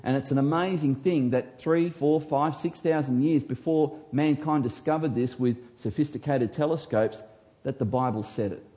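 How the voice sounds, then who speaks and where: A man, a pastor, preaching a sermon with emphatic delivery that swings from hushed to loud. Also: on the high side, normal speed.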